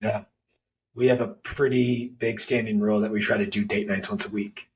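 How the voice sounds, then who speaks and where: Podcast guest, male, very husky voice, blunt candid storyteller, a bit distant from the mic. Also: lowish voice, level tone, moderate pace. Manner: blunt, candid, swears casually.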